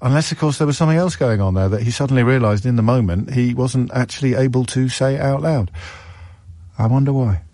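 A man's voice: medium pitch, a little fast, warm tone, no echo. A man hosting a radio phone-in, sarcastic and mocking in his commentary.

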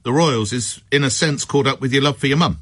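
A man's voice: mid-range voice, fairly quick, husky. A man hosting a radio phone-in show, reading news items and talking with callers, with chatty, wry asides.

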